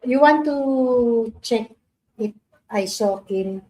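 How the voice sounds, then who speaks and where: Woman, slightly high voice, slow unhurried speech, insistent questions, casual livestream host. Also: a little mellow, poor audio. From Philippines. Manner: questioning, insistent, non-native grammar. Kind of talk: casual live-stream chat.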